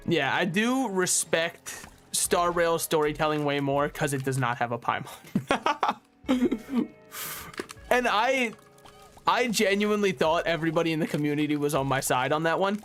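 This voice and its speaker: Animated young male streamer, high-pitched. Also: soft background music. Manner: animated ranting, quick asides, frequent laughter. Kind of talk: casual gaming stream chat.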